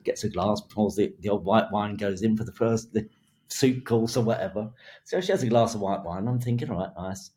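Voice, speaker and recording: A man's voice: fairly low pitch, fairly quick, dark tone. A man, a hairdressing creative director, telling an anecdote in an interview, laughing between phrases and acting out the quotes.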